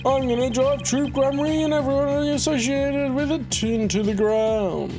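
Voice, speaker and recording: A woman's voice: high voice, moderate pace, over music, pitched above the performer's own voice, close to an everyday voice. A woman voicing a smug, slick male TV producer who sneers and drawls.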